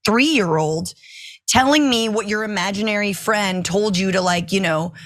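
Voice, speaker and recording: A woman's voice: mid-range voice, a little slow, a bit bright, dry recording, studio quality. A woman co-hosting a political commentary show, joking and laughing often as she talks. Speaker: co-host.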